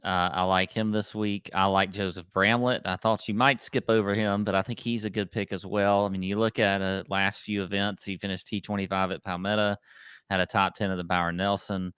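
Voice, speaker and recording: A man's voice: low voice, level tone, a bit bright, clear, resonant tone, no room sound, studio quality. A man co-hosting a golf betting podcast, chatting casually and rattling off stats in an upbeat way. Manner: quick, stat-heavy, upbeat. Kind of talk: casual chat.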